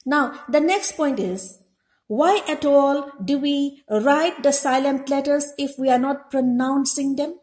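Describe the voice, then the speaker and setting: A woman teacher giving a classroom lesson, speaking deliberately and spelling words out letter by letter. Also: high voice, a little mellow. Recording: echoey room.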